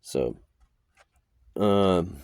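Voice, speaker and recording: A man's voice: low voice, expressive, extremely slow, vocal fry, darkish tone. A man talking casually to camera in a loose, chatty vlog, outdoors by an RV in the desert, full of fillers and asides. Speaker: vlogger.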